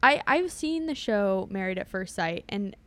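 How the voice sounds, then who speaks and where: A woman's voice: medium pitch, expressive, unhurried, background noise. A woman casually recapping a movie in a chatty, wry way, laughing often as she talks. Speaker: podcast co-host.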